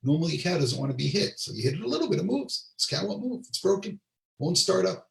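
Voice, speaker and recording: A rabbi living in Israel tells stories in a Torah class, translating Hebrew line by line and making asides to his audience. His male voice is gravelly, high-pitched and sing-song, moving at a quick pace. A distant mic in a roomy space gives the recording a spacious sound.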